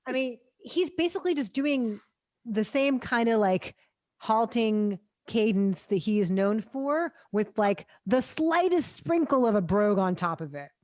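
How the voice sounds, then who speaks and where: A woman co-hosting a film review podcast, talking in a casual, sarcastic and animated way with frequent laughs. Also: a little high, measured pace, dry recording, studio quality. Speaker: film critic podcast co-host.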